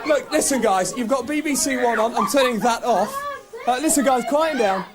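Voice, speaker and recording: A man presenting a live TV outside broadcast, joking and shouting over a party crowd. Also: extremely high pitch, normal speed. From England. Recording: noisy crowded house party.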